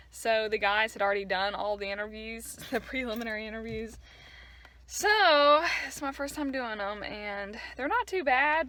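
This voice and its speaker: A woman's voice: mid-range voice, a bit bright. A young woman in her twenties talking casually to a phone camera in a car, rambling and chatty with laughs between thoughts. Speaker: vlogger. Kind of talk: casual vlog chat. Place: in her car and walking outdoors. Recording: car and road noise behind. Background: car and traffic noise.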